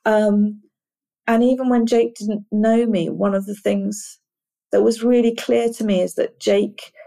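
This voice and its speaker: Gravelly, earnest middle-aged woman. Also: medium pitch, steady tone, dark tone. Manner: earnest and reflective, halting with repeated words. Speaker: interview guest, screenwriter. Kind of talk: candid conversational interview.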